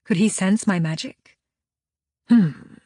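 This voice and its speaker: A woman reading a paranormal romance audiobook in first person, with even, unhurried storytelling. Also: medium pitch, dry recording, clean studio sound. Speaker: audiobook narrator. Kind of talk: scripted first-person narration.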